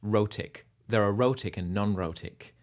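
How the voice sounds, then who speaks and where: A man with a Lancashire English accent softened by North American sounds, chatting casually and rambling between songs as a livestream musician host. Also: on the low side, a little slow. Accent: Lancashire English, partly North American. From Burnley, England. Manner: rambling and chatty, with many fillers.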